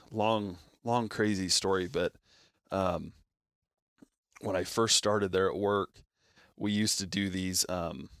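A man with a fairly low voice, telling a story in casual conversation. He throws himself into the quoted lines with sudden leaps in pitch. The sound is close and dry. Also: no room sound. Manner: animated storyteller who acts out quotes with big jumps in pitch. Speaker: co-host in hunting talk, works at an optics shop.

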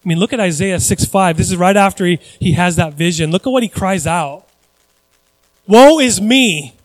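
A man preaching as a pastor, his voice sitting high and full of animation. He jumps from loud, stressed lines to hushed asides and acts out the voices of the people he quotes. The sound is close and dry, with no room around it. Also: fairly quick, no room sound, poor audio. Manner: animated, shifting between loud emphasis and quiet asides. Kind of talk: sermon.

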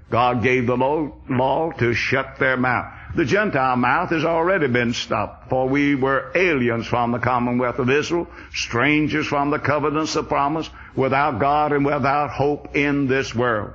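Male preacher, husky voice, dull lo-fi old tape sound. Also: medium pitch, a little slow, a bit bright. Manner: earnest expository preaching. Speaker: Bible teacher. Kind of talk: sermon. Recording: dull lo-fi recording.

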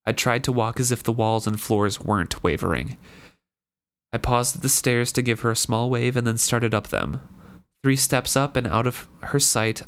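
A man with a middle-pitched voice hosts a book podcast. He reads passages aloud and then retells them casually. His talk is loose and full of fillers. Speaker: podcast host reading and discussing a novel.

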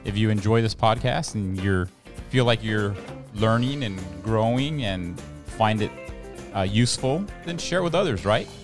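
A man's voice: fairly low pitch, animated, moderate pace, music in the background. A middle-aged man from El Paso co-hosting a podcast in casual, rambling chat with many fillers. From El Paso, Texas. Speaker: podcast co-host.

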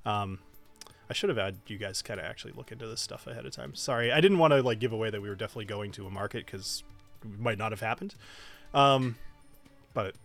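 A man's voice: fairly low pitch, fast, gravelly, a bit bright. A man narrating as game master of a tabletop game, talking with lots of fillers, restarts and laughter. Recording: music playing faintly behind.

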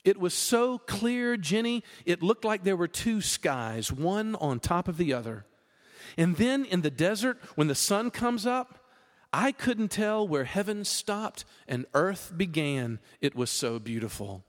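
A pastor quoting a gentle, simple-hearted Southern man in a soft, wistful telling. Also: high-pitched, expressive, a little slow. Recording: long reverb of a large hall.

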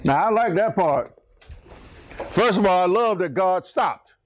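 A man preaching with a high, animated voice that swoops up and down. He takes his time, drawing out words, then pushes up into emphatic shouts and bantering asides to the congregation. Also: a little slow, slight background noise. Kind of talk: sermon.

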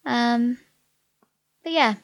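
A woman's voice: fairly high pitch, extremely slow, creaky. A woman co-hosting a podcast, breezy and teasing in casual chat. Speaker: podcast co-host.

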